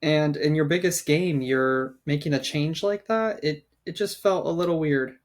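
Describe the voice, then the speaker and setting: A man co-hosting a podcast, giving measured, slightly hesitant sports opinions. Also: a little high. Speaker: podcast co-host. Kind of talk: casual sports chat.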